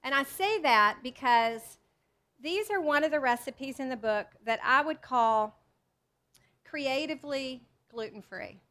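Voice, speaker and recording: Chatty high-voiced woman. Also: animated, unhurried, a bit bright. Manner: chatty, self-deprecating, many restarts. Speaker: cookbook author doing a cooking demo. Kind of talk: live cooking demonstration to an audience. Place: teaching kitchen with a live audience.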